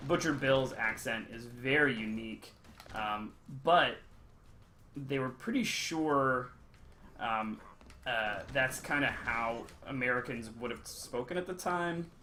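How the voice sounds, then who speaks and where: A man's voice: mid-range voice, takes it slowly, bright, forceful tone, slight background noise. Rambling young man with lots of ums. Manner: rambling, many ums and uhs, trails off. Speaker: streamer's boyfriend, guest on a game stream. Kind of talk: casual chat while gaming, reading chat.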